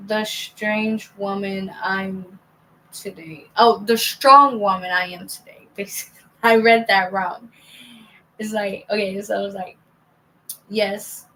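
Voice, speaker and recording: A woman's voice: mid-range voice, slight background noise, low-quality recording. A young woman telling a rambling, casual story to her viewers, reading out old text messages with many restarts. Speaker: vlogger.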